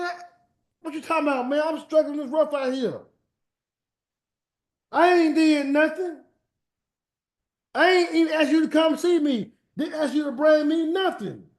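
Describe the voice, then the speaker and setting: A man's voice: extremely high pitch, a little slow, pauses often, roomy sound, pitched above the performer's own voice. A man voicing a suffering man who protests in exasperation that he has done nothing wrong. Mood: protesting. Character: suffering, indignant man Job defending himself.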